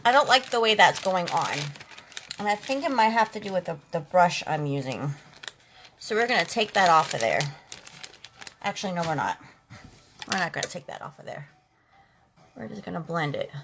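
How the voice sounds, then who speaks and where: A woman's voice: fairly low pitch, very animated, normal speed, long pauses, background noise. A talkative, sassy woman chatting with viewers during a makeup live stream, calling them girls and honey. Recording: faint music in the background. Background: eighties instrumental music.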